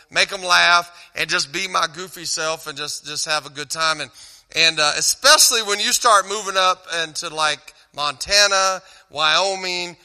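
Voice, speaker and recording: A man's voice: sits high, pushed and bright, in a large hall. A man with a Texan accent talking to a church crowd in a loose, rambling and joking way, stopping himself mid-sentence. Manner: rambling, joking, self-interrupting. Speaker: Christian cowboy singer and speaker. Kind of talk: casual stage talk at a church event.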